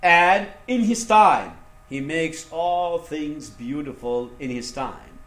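High-voiced man preaching in an echoey room. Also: animated, takes it slowly, slight background noise. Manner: swinging between hushed low passages and raised emphatic ones; asks the congregation call-and-response questions. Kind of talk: sermon.

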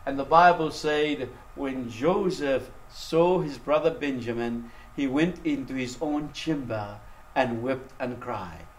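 A man's voice: medium pitch, slow pace, slight background noise. A man preaching a sermon, retelling a story animatedly and acting out its quotes.

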